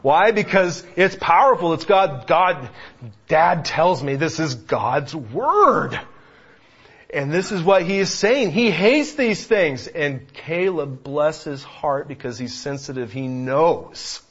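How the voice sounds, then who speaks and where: Male pastor, sermon, slow deliberate delivery, slightly high voice, emphatic loud-to-hushed swings, muffled recording. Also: expressive, breathy edge. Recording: dull lo-fi recording.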